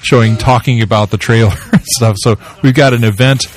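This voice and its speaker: A man's voice: mid-range voice, steady tone, a little fast. A man co-hosting a podcast, chatting casually about movie news and often searching for his words. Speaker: podcast co-host.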